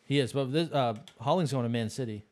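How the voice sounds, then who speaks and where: A man's voice: medium pitch, fast. A man co-hosting a sports podcast, talking bluntly and emphatically and repeating himself. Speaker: podcast co-host. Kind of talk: casual chat.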